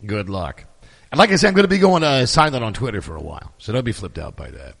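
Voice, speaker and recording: A middle-aged man hosting his podcast, telling stories in a sarcastic, profane, animated casual monologue. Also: mid-range voice, fast, vocal fry, slightly rough, long reverb tail. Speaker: podcast host.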